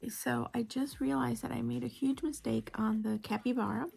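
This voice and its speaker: A woman's voice: fairly high pitch, steady tone, moderate pace, creaky, a little mellow, husky. A woman chatting casually in her home kitchen while she vlogs about crochet, with giggles and self-mocking asides. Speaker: crochet vlogger. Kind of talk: casual vlog chat.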